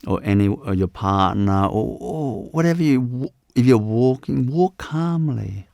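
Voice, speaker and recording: Man, spiritual teacher, live talk, very slow, gravelly voice, dry close sound, repeats himself. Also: mid-range voice, animated, mellow, dry recording. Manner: unhurried, repeats phrases, many "you know"s.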